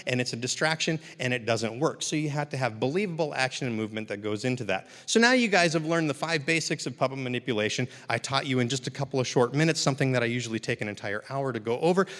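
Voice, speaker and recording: A man's voice: medium pitch, fairly bright tone. A man leading a live puppetry workshop for a seated audience, upbeat and encouraging, with running jokes. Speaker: puppetry instructor. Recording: long hall reverb, speaker off mic.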